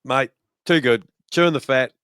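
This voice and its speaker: A man's voice: medium pitch, moderate pace, fairly bright tone, clear, resonant tone, no room sound, studio quality. A man co-hosting a podcast, teasing wryly in casual banter and often trailing off. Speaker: podcast co-host. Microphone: studio microphone.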